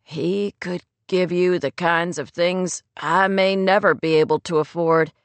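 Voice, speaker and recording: A woman's voice: steady tone, a little slow, no echo. A woman voicing a troubled young man in love. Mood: tender. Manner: low, subdued, husky.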